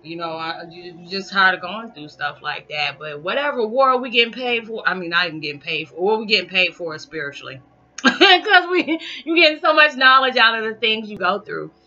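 A woman's voice: on the high side, lively intonation, a little fast, bright, forceful tone. A woman vlogger rambling candidly about hard times, joking at herself and laughing often. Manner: rambling, self-deprecating humor with frequent laughs. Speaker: spiritual vlogger. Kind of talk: candid monologue. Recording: dull lo-fi with faint background music.

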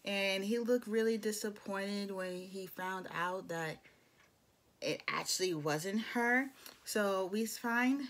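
A woman's voice: medium pitch, takes it slowly, a bit bright. A young adult woman giving a casual, opinionated recap of a reality show, with blunt asides. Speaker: show reviewer.

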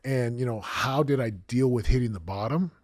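A man in his forties, a former football champion, telling his story candidly in an interview, with animated storytelling and acted-out quotes. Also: medium pitch, normal speed, dry recording, clean studio sound.

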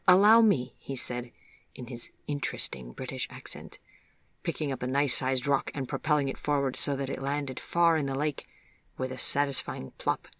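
A gentle, measured audiobook narrator reading a storybook tale at a middle pitch. The delivery is even and unhurried, recorded close and dry. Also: dry recording.

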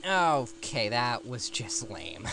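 A man narrates a retro game run in a lively, up-and-down voice, rambling between jokes at his own expense. Faint guitar music plays softly behind him. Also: medium pitch, slow, creaky. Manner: rambling, self-mocking asides. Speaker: let's play commentator. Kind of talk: casual gameplay commentary.

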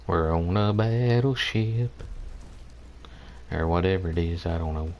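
A man's voice: sits low, fairly even intonation, a little slow, long pauses, darkish tone. A man giving casual commentary over his own online shooter match, trash-talking opponents and laughing often. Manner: playful trash talk with frequent laughter. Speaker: gameplay commentator.

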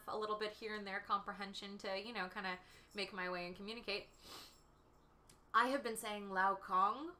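A chatty woman in her thirties hosts a relaxed livestream from her home kitchen. Her voice is bright and clear, and she laughs easily while chatting with viewers. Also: mid-range voice. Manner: bubbly, chatty, laughs often, reads viewer comments aloud. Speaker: livestream host and tea shop owner. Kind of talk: casual livestream chat with viewers.

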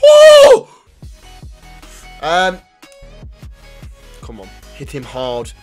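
Excitable young gamer, high voice. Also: male voice, moderate pace, faint music behind. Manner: excitable, swears, sudden shouts and mutters. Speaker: gaming YouTuber. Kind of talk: live gameplay commentary.

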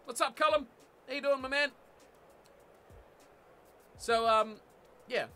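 A young man commentating a rugby video game live and chatting with viewers, excitable and laughing often. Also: very high-pitched, slow pace, smooth. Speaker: game streamer.

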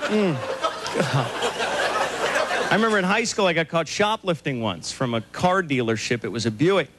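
A man performing a stand-up comedy set on a club stage, firing off deadpan one-liners with sudden loud outbursts. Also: a little high, moderate pace. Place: comedy club stage before a laughing audience. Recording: live club recording, loud crowd and noise.

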